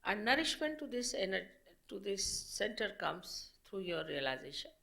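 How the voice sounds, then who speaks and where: A woman teacher delivers a public spiritual lecture at an unhurried pace. Her voice has a gravelly, creaky edge and sits at an ordinary middle pitch. She explains in measured phrases, pausing between points. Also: very animated, fairly bright tone. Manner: slow, measured explaining with pauses.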